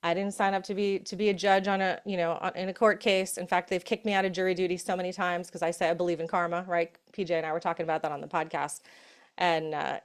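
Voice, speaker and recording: Speaking at a summit, a middle-aged woman gives a conversational motivational talk about breath and safety. Her voice is lowish, level and smooth, and she often asks "right?" before slowing into soft, hushed affirmations.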